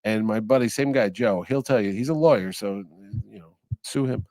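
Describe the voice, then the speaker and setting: A man's voice: on the low side, normal speed, darkish tone, dry recording. A middle-aged man, a show's guest, telling rambling anecdotes in casual chat and quoting people in a dry way. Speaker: guest, convention owner.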